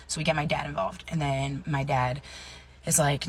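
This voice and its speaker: Husky-voiced woman in her thirties telling a story. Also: low-pitched, fairly even intonation, brisk. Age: 30s. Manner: chatty, full of fillers, drops to hushed asides. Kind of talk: casual storytime monologue.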